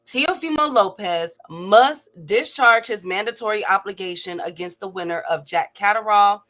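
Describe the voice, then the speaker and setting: Bright-voiced chatty woman host. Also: medium pitch, normal speed. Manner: chatty, laughs easily, greets viewers by name. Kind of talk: casual live-stream chat.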